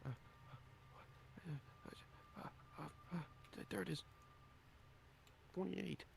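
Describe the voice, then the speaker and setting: A man's voice: high-pitched, takes it slowly, creaky, slight background noise. A man playing a tabletop game, chatting casually and hesitantly. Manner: hesitant, stammering. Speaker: player.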